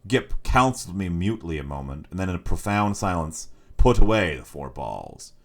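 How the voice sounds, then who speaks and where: A man with a very deep, low voice narrating a story aloud for his stream. His reading is measured and expressive, and his pitch moves lively up and down through the sentences. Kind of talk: scripted narration.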